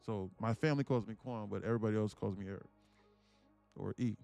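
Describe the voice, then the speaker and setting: A young man livestreaming, telling a family story in a blunt, animated rant and saying "bro" constantly. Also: on the low side, fast talker, vocal fry, soft background music. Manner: blunt, repeats "bro" constantly, grows louder and more insistent. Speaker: livestream day trader.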